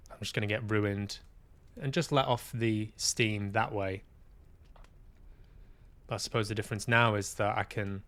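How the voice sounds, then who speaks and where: Candid man, smooth low voice. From Manchester, UK. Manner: candid, self-deprecating, swears casually. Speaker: podcast host and actor. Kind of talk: casual reflective monologue.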